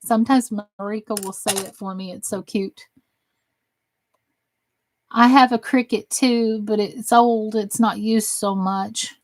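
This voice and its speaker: Slow-talking Southern woman streamer. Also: medium pitch, steady tone, dry recording. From Southern United States. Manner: folksy, chatty, self-deprecating. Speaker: crafting livestream host. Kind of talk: casual live stream chat reading comments.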